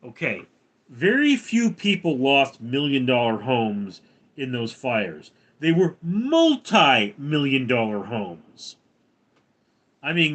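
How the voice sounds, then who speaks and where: An older man hosts a casual livestream, reading comments aloud one by one. He talks slowly and dryly, with a deadpan edge. His pitch rises and falls a lot as he answers. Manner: reads viewer comments aloud, dry and deadpan. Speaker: livestream host reading chat.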